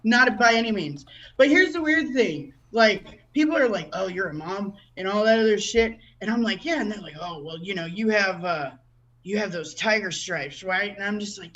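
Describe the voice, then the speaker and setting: A woman's voice: medium pitch, animated, moderate pace, fairly bright tone, dull audio. A woman doing a stand-up comedy set with crude, profane, self-deprecating stories about her life as a mom. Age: adult with a child. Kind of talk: stand-up set at an online open mic.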